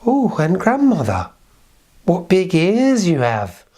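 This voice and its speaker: A man voicing a wide-eyed little girl in a red hood, speaking in a high, wondering, breathy way. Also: wildly swooping pitch, slow pace, darkish tone, exaggerated voice.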